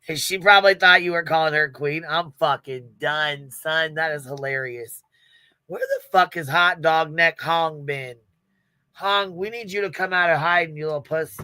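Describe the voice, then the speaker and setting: A brash woman hosts her livestream with a bright, tight tone and an unhurried, drawn-out delivery. She swears freely and laughs often. The sound is close and dry. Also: sits low, animated, smooth, dry recording. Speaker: livestream host. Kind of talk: casual livestream commentary.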